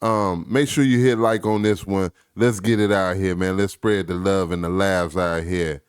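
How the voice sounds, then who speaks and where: A man's voice: low voice, fairly even intonation, normal speed, clean tone, no room sound, clean studio sound. A man hosting a reaction video, talking in casual slang and urging viewers to comment.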